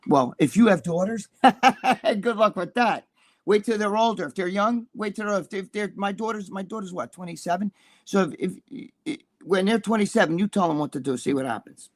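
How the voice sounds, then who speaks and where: A middle-aged man talks in a fairly high voice, rambling through stories full of profanity. He sounds like a co-host on a loose, casual live-stream chat. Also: a little fast.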